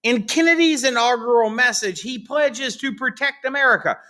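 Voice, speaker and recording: A man's voice: very high voice, normal speed, bright, forceful tone. A man teaching a casual history lecture, chatty and full of fillers, sometimes acting out quotes. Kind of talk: recorded classroom lecture.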